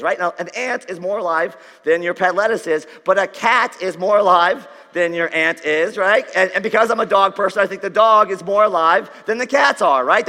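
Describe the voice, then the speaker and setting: A male pastor of Dutch, Irish, Scottish and Jewish heritage gives a conversational, joking sermon to a congregation in a large church hall, tossing in asides to the audience. His voice is high-pitched, bright and forceful. The hall adds a long reverb.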